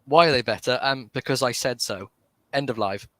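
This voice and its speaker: A man with a British accent co-hosting a livestream, playful and quick to laugh in casual banter over a video call. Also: mid-range voice, a bit bright, no echo. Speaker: co-host.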